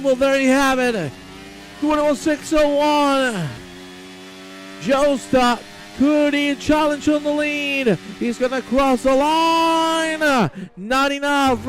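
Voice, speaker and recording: A man with a high voice calls sim racing qualifying play-by-play. He builds hype and talks straight to the audience like a broadcast commentator. Faint music plays behind him. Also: low-quality recording. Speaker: race commentator.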